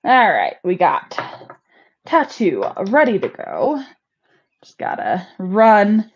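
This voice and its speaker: A chatty woman hosting a casual homestead livestream, laughing at her own mishaps. Her pitch sits in the middle range. The audio is a little dull and lo-fi. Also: huge pitch swings, slow, husky.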